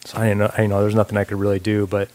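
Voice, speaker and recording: A man co-hosting a podcast, telling a story in relaxed casual chat with lots of fillers and restarts. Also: lowish voice, very fast. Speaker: podcast co-host.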